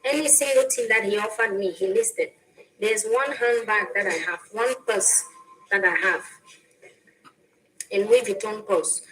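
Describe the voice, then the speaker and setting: A woman's voice: mid-range voice, measured pace, long pauses, a bit bright, a little hiss or hum, low-quality recording. A woman talking casually about herself in a played clip, chatty and laughing between phrases. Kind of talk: casual chat.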